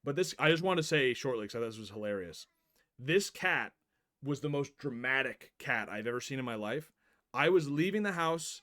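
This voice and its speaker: A young man chatting on a live stream, telling stories with lively energy, laughing often and swearing casually. His voice sits in a medium register and he reads game narration between asides, recorded on a desk mic at home. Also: mid-range voice, normal speed.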